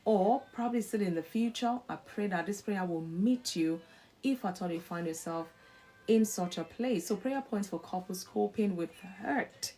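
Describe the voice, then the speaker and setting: A woman hosts a live faith talk in the middle of her vocal register. She tells stories with lively drama, acts out what each person says, and drops into a preacher's cadence to quote scripture. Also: medium pitch, normal speed. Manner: animated storyteller who acts out imagined dialogue. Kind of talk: live-stream devotional talk on marriage.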